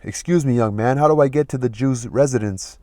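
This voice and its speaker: A man's voice: mid-range voice, a little fast, warm tone, no room sound, clean studio sound, close to an everyday voice. A man voicing an old, half-blind father who politely asks a young man for directions. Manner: formal old-fashioned asking.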